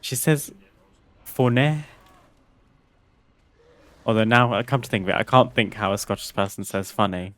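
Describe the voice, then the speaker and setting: Man, game streamer, casual chat, frequent laughs, lowish voice, dry close sound. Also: fairly even intonation, fast talker, hardly any pauses, fairly bright tone, no echo. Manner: chatty, laughs often, reads game text aloud. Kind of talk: casual gameplay commentary.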